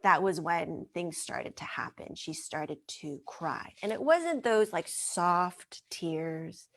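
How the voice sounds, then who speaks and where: A woman who works as a mind-body wellness trainer, telling a story as a guest in an interview in a gentle, earnest way. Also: lowish voice, expressive, takes it slowly.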